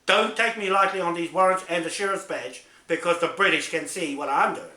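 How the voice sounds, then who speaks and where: A man's voice: high voice, brisk, sharp tone, echoey room. A man delivering an angry, confrontational public statement, swearing and repeatedly asking "right?". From New Zealand. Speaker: land claimant making a public statement.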